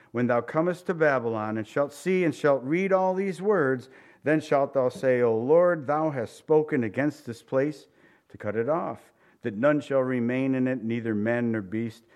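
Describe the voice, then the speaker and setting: A man preaching a verse-by-verse sermon, reading scripture aloud and then commenting in a relaxed, conversational way, sometimes acting out incredulous reactions. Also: mid-range voice, moderate pace. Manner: animated, acts out incredulous reactions.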